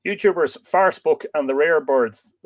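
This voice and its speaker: An Irish man hosting a live stream, reading out viewer comments and chatting in a relaxed, rambling way with lots of fillers. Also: fairly high pitch, takes it slowly. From Ireland. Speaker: host.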